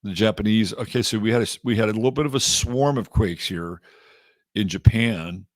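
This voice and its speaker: A middle-aged Texan man with a lowish voice hosts an astrology livestream, talking a little fast. He chats loosely and greets viewers by name, and the recording is dry with clean studio sound.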